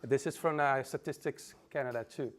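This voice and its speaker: A man giving a conference talk, reading figures off slides with frequent fillers and pauses. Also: medium pitch. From Brazil. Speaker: conference presenter. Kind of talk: lecture with slides. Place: conference room.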